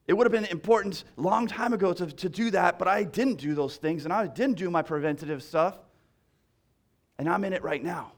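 Pastor guy preaching casual, kinda higher voice, repeats stuff, lots of restarts. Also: fairly quick. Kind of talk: sermon.

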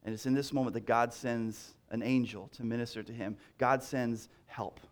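A man's voice: medium pitch, fairly even intonation, normal speed. A male pastor preaching a sermon in a conversational way, repeating key lines and restarting phrases as he talks.

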